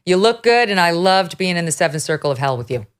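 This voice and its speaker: A woman in her fifties hosting a talk show, blunt and animated, laughing often as she chats. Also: lowish voice, fast, clean tone. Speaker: podcast host. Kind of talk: opinionated talk show chat.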